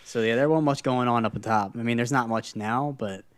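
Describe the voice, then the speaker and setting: A man talks rapidly on a relaxed podcast in a middle-pitched voice. He is easygoing and quick to poke fun at himself. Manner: rapid, easygoing, self-mocking. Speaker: podcast co-host. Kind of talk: casual chat.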